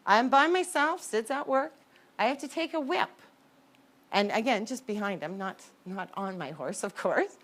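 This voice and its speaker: Animated woman telling a personal story. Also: normal speed. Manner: animated, with sudden jumps in pitch and loudness; candid and conversational. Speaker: horse owner telling her story.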